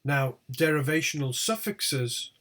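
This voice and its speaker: A man teaching a recorded pronunciation lesson, reading out example words one by one with clear, deliberate delivery. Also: on the high side, lively intonation, a bit bright. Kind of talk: recorded lecture over slides.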